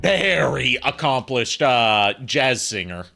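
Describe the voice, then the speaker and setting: A man's voice: mid-range voice, sing-song, slow, vocal fry, sharp tone, faint music behind. A man hosting a game stream, chatting casually with friends in a rambling way full of fillers. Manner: rambling, many fillers and restarts. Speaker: streamer and host.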